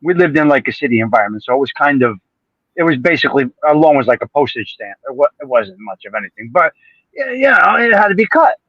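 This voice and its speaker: A man's voice: on the high side, big pitch swings, quick pace, breathy edge, no room sound, lo-fi sound. A man co-hosting a livestream podcast in casual chat, swearing freely and repeating phrases for emphasis. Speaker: livestream co-host.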